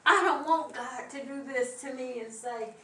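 A woman's voice: sits high, moderate pace, bright, forceful tone. A middle-aged woman preaching a sermon with a fervent, repetitive cadence, heard in a church. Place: church sanctuary. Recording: echoey room from far off.

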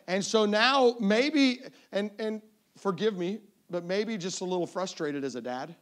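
A man's voice: high-pitched, a little slow. A middle-aged man preaching as an evangelist, telling a family story with acted-out voices. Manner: animated, acts out voices with crying and shouting. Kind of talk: storytelling sermon.

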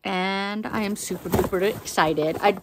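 A young woman chatting casually as she unboxes items for her book vlog, excitable and full of fillers. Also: mid-range voice, a little slow, noisy background. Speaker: book vlogger.

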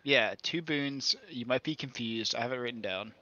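A man's voice: medium pitch, normal speed, bright, forceful tone, dry recording, lo-fi sound. A man playing in a tabletop game, teasing and swearing at his friends. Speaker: player. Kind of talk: casual chat at a tabletop game.

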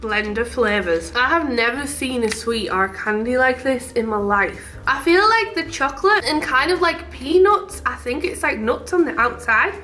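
A woman's voice: sits high, animated, moderate pace, hardly any pauses, pushed and bright, faint music behind. A young woman with a Teesside accent from northeast England, chatting casually about her shop while tasting sweets. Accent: Teesside English. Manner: bubbly, chatty, gushing. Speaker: shop owner and vlogger.

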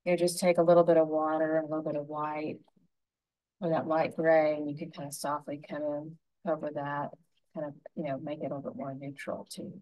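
A woman with a low, mellow voice leads a painting lesson step by step. She talks gently and without hurry, narrating each brushstroke as she makes it. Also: flat delivery, low-quality recording. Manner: gentle, unhurried, talking through each brushstroke. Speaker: painting instructor.

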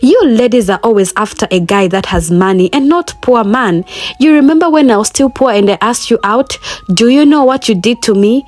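A woman's voice: on the high side, normal speed, darkish tone, close to an everyday voice. A woman voicing a scornful, vengeful rich husband in a spoken folktale, talking in a bitter, accusing way.

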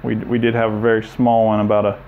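A man giving a relaxed, plain-spoken tour of his indoor workshop, pointing out machines and tools. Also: on the low side, fast talker, phone-quality sound, a little hiss or hum. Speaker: shop owner giving a tour. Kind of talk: casual walkthrough tour.

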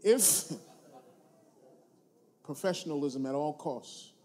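A man preaching a sermon to his congregation, using call-and-response and moving between quiet asides and loud, emphatic points. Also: on the high side, extremely slow. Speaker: pastor.

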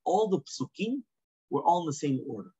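Husky rabbi teaching a Talmud class. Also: male voice, fairly high pitch, big pitch swings, normal speed, warm tone. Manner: reads Aramaic lines, then explains them in plain English, often asking "right?". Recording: dull lo-fi class recording.

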